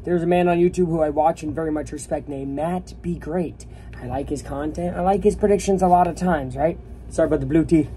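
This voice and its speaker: Casting: a man, opinionated sports vlogger, mellow tone, faint hiss in the background. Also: a little high, a little fast. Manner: animated, opinionated, talks to viewers. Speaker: YouTuber. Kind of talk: casual sports rant to camera.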